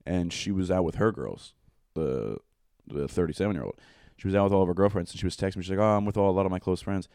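A man's voice: deep voice, fast, a little mellow, no echo, clean studio sound. A young man telling a long, rambling, profane story in casual chat, full of fillers.

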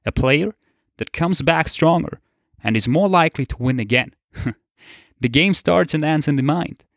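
A man's voice: on the high side, animated, moderate pace, gravelly, no room sound. Young man, casual motivational talk, easygoing and profane, frequent laughs, dry close recording. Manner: laid-back, swears casually, laughs often. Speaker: motivational podcaster.

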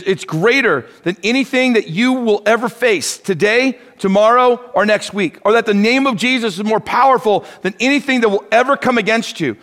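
A man preaching a sermon as pastor, animated and acting out the dialogue he quotes. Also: sits high. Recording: long hall reverb.

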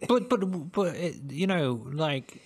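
A man's voice: fairly high pitch, big pitch swings, slow. A man co-hosting a podcast, chatting casually about a book in a playful, teasing way. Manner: playful, teasing, laughs at his own jokes. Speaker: podcast co-host.

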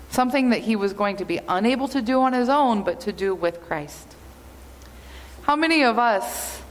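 Woman, pastor, earnest sermon, slightly high voice, long church reverb. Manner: measured, earnest preaching.

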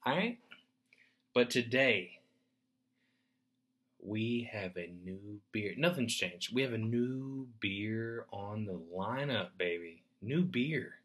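A man hosting a solo podcast, ranting in a profane, animated way, swinging between loud bursts and muttered asides. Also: on the low side, slow. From United States. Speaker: podcast host. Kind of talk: rambling solo podcast rant.

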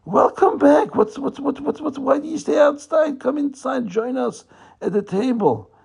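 A man voicing a sly, falsely pious male sect leader in a told story, welcoming in a high, sugary tone and boasting with smug confidence. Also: big pitch swings, measured pace, gravelly, darkish tone, breathy edge, heavily acted. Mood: sugary welcome.

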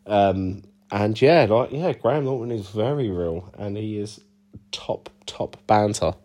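A man, a band's singer and bassist, answering interview questions in rambling, sweary, self-deprecating banter. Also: unhurried, dark tone. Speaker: band bassist and lead vocalist, interview guest.

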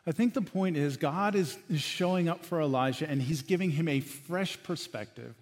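A man delivers a sermon from the pulpit, his voice sitting a little high. He preaches with animation, acting out quotes and dropping to hushed lines. The sound carries a long reverb from a large church hall. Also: normal speed. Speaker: pastor.

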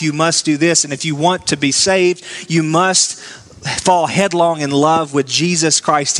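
A man preaching a sermon, reading scripture aloud slowly and pressing his points with emphatic repetition. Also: high voice, a bit bright. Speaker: pastor.

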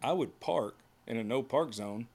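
A horseshoer from the United States, here a podcast guest, tells casual stories in a folksy way and acts out others' words. His mid-range voice is husky and darkish in tone, animated, and moderately paced.

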